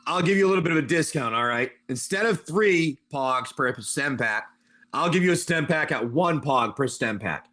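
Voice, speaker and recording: A man's voice: fairly high pitch, lively intonation, normal speed, fairly bright tone. A man voicing a ghoulish male doctor in the wasteland who haggles in a chummy, salesman-like way during a tabletop game. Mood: friendly.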